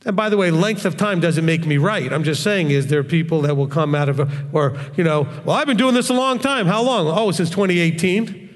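A man's voice: high voice, long reverb tail. A man preaching in a blunt, straightforward way on a live stream, often mocking other voices. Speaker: religious teacher.

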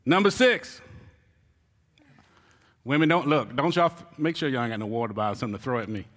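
A man, a church elder, giving a joking, animated sermon on marriage to his congregation. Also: medium pitch, a little fast. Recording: reverberant hall.

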